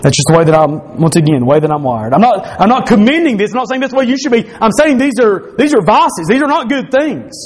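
Guy preaching in church, high lively voice, earnest, keeps repeating himself. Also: fast talker, hardly any pauses. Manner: earnest, confessional, repeats phrases for emphasis. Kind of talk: sermon.

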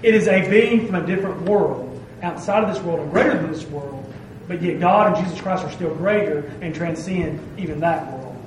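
A man's voice: a little high, normal speed, noisy background. A man preaching a sermon with emphasis, stressing his phrases and asking "okay?" to check that he is followed. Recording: very echoey room, heard from a distance.

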